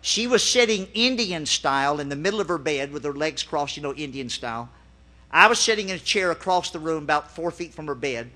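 Middle-aged male preacher, story-driven sermon, forceful bright tone, fairly high voice, acts out his own lines. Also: expressive, brisk.

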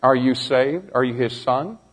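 A man preaching a storytelling sermon to young people, swinging from shouting to hushed near-whispers and firing direct questions at the listeners. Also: mid-range voice, unhurried. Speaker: preacher, youth pastor.

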